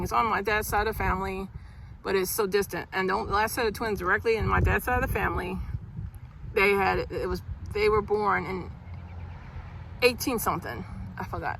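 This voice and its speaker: A woman's voice: mid-range voice, vocal fry, bright, forceful tone, slight background noise, poor audio. A middle-aged woman telling her own birth story in a casual vlog, rambling with restarts and sighs.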